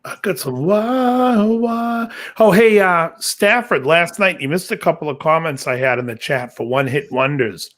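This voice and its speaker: A man's voice: fairly high pitch, normal speed, hardly any pauses, fairly bright tone. A man chatting on a livestream, offhand, dropping old song references. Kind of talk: casual chat.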